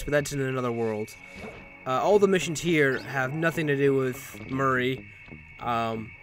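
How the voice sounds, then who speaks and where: A man's voice: medium pitch, fairly bright tone. Rambling, jokey man narrating a game. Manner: rambling, jokey, swears, self-corrects. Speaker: let's play commentator. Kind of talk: casual gameplay commentary. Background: game music.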